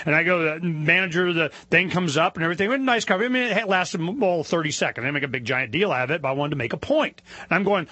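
A man hosting a talk show, telling a story in an animated, indignant rant that climbs in pitch as he gets worked up. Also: fast, hardly any pauses, dry recording. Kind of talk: opinionated monologue.

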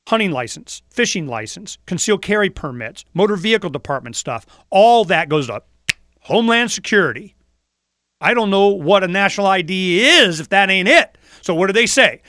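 A man hosting a casual talk radio show, animated and mocking, who slips into voices to mimic officials. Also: high-pitched, dry recording, clean studio sound.

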